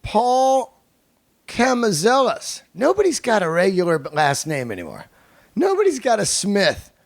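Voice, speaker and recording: A man's voice: high-pitched, huge pitch swings, a little fast, vocal fry, dry recording. Comedian host in his fifties, cursing casually, telling stories, bone-dry mic. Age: 50s. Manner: loose, profane, joking storyteller. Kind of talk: casual podcast monologue.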